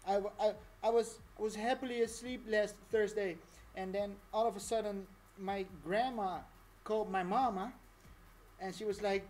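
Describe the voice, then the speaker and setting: A woman's voice: medium pitch, steady tone, moderate pace, darkish tone, a little hiss or hum. A woman talking through a casual live-stream tutorial, chatty and rambling, laughing often.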